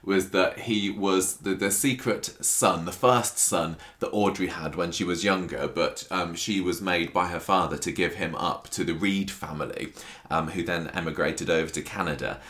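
A man's voice: sits low, moderate pace, fairly bright tone. A British man co-hosting a podcast, chatting casually and rambling with restarts and jokes. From United Kingdom. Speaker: podcast co-host. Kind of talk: casual chat.

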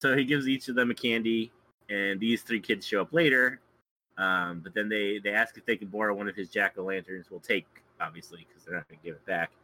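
A man's voice: fairly low pitch, brisk, pushed and bright, poor audio. A man guest on a casual podcast, retelling a film plot and chuckling often as he goes. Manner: chuckles often while recounting scenes.

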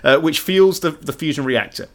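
A man's voice: a little high, moderate pace. A man co-hosting a podcast in casual chat, rambling and cutting himself off mid-sentence. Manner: rambling, self-interrupting, laughs at own tangents. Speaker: podcast co-host.

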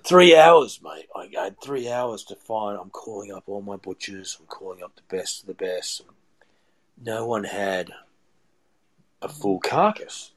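A chef appears as a podcast guest, telling rambling stories in casual chat and often repeating and restarting phrases. His voice is lowish and a little slow, and the recording sounds rough.

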